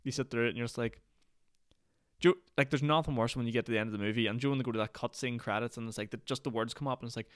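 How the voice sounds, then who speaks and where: A man's voice: medium pitch, steady tone, rapid-fire, no echo, studio quality. A Northern Irish man hosting a solo podcast, rambling and ranty, with lots of "like" fillers. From Northern Ireland. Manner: rambling, ranty, heavy use of "like". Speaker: podcast host.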